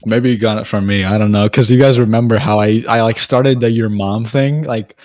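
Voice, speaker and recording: A man's voice: on the low side, steady tone, a little fast, darkish tone. A young man hosting a casual podcast chat with friends, rambling, stuttering and swearing a lot. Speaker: podcast host.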